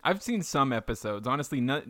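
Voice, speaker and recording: A man's voice: medium pitch, expressive, fairly quick, pushed and bright, no echo. A man hosting a podcast, asking rambling questions and joking with his guest. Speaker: podcast host. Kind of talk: casual podcast interview.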